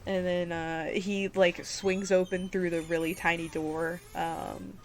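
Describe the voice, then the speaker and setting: A woman running a tabletop game as game master, narrating casually with many fillers and pauses. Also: on the low side, flat delivery, slight background noise.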